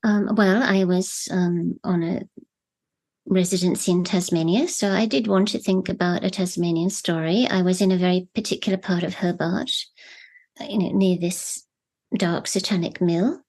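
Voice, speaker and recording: A woman novelist talking reflectively in an interview, measured and searching for words. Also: lowish voice, fairly even intonation, a little mellow. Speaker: novelist guest.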